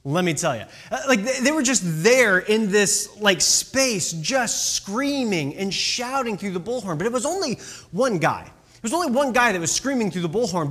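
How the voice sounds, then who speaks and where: A high-voiced man tells a story in a loose, conversational way. His pitch swings widely as he acts out what people said. He keeps checking in with quick asides. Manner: chatty, animated, fillers and "right?" asides. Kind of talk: casual storytelling talk.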